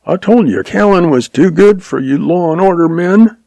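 A cocky young troublemaker from an old western story yelps his taunts in a voice pitched far up, high and shrill against the teller's own. A man acts him out, keeping the same dry, close sound. He jeers with a loud, pushy edge. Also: moderate pace, gravelly, dry recording. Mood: jeering. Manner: taunting, yelping. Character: jeering young male would-be outlaw.

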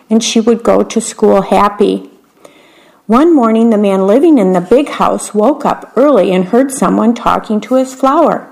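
A woman reading picture books aloud in a gentle, unhurried way, describing the pictures as she goes. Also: medium pitch, creaky, rough recording. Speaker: storyteller.

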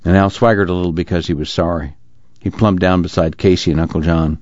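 A man narrating a novel in a steady, measured reading, on a dull lo-fi recording. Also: deep voice, no echo. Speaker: audiobook narrator. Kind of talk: scripted narration.

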